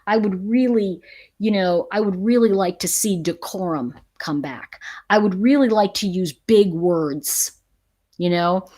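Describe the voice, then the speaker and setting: A woman's voice: mid-range voice, measured pace, dark tone. A middle-aged woman talks to her viewers on a casual live stream. She speaks with emphasis and laughs often between her points. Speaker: livestream host.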